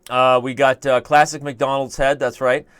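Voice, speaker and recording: A man's voice: mid-range voice, flat delivery, moderate pace, a bit bright, smooth, dry recording, clean studio sound. A young man hosting a chess show, chatting casually and thinking aloud as he works through a puzzle, with self-mocking humor. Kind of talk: casual live-stream commentary.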